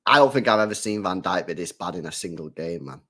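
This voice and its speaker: A young man hosting a live football watchalong, reacting to the match, talking to his chat and bursting into shouts and laughter. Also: deep voice, fast. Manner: excitable, bursts into shouts and laughter, chats to viewers.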